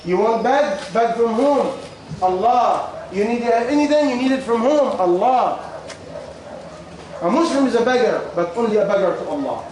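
High-voiced preacher in an echoing hall. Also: male voice, animated, normal speed, a little mellow. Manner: questioning, repetitive, coaxing the audience. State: losing his voice. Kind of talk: sermon with call and response. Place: large echoey hall with audience. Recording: very echoey hall, faint noise.

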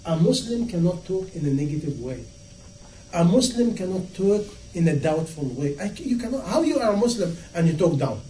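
Impassioned high-voiced preacher in echoey room. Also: male voice, very animated, brisk, mellow. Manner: impassioned, rhetorical questions, acts out dialogue. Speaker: Islamic preacher. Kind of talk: sermon. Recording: echoey room, from far off, faint noise.

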